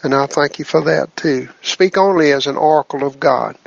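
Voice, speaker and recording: A man's voice: fairly high pitch, moderate pace, vocal fry, no room sound. Earnest man praying on a muffled conference line. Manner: earnest, repetitive "Lord" between phrases. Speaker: prayer line leader. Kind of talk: leading spoken prayer on a conference call. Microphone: phone on a conference call.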